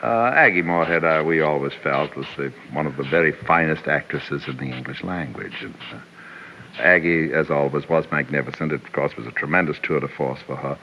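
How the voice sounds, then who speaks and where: An older male actor reminiscing in an interview, rambling and hesitant with many pauses. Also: extremely low pitch. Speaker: actor guest. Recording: dull radio recording with faint hiss.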